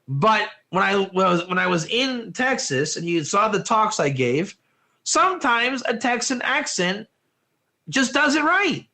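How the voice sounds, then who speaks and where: High, lively man lecturing a class. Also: a little slow. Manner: excitable, rambling, laughs and slips into accents. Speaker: Torah teacher.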